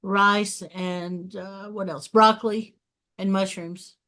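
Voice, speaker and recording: A woman's voice: mid-range voice, fairly even intonation, takes it slowly, sharp tone. A woman co-hosting a podcast, chatting casually and laughing easily at her partner's stories. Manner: responsive listener, laughs easily, chatty asides. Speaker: podcast co-host. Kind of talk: casual chat.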